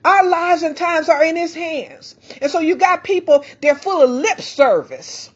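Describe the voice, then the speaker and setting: A woman with an extremely high, animated voice delivers a fervent sermon over a handheld mic. She bursts into praise and halts at times, searching for words, all on slightly dull lo-fi audio.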